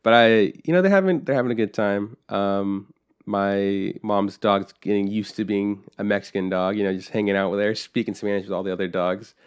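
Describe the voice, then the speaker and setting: A man's voice: fairly low pitch, fairly even intonation, a little fast, smooth. A young man co-hosting a podcast, telling a rambling, profane story and acting out his family's lines in casual chat. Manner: rambling storyteller, swears freely, acts out family quotes. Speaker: podcast co-host.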